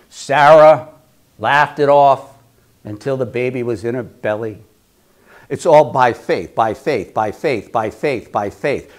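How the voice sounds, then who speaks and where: A man pastor preaching a casual, conversational sermon, often repeating phrases for emphasis and slipping into quick acted asides. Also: mid-range voice.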